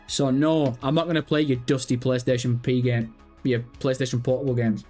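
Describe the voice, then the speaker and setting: A man hosting a gaming livestream, chatting casually with viewers, sweary and jokey, mocking and animated. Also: medium pitch, brisk, faint music behind. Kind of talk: casual livestream chat reading viewer comments.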